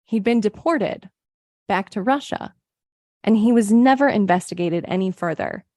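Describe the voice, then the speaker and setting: A woman's voice: medium pitch, moderate pace, dark tone, dry recording. A woman co-hosting a true crime podcast, narrating case details from a script and quoting her sources. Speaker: podcast co-host.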